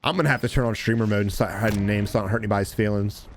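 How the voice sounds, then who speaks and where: A man coaching viewers over game footage, deliberately dramatic and emphatic, talking straight to his audience. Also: lowish voice, slight background noise. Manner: addresses viewers and chat directly. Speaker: gaming coach commentator. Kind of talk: gameplay commentary and tips.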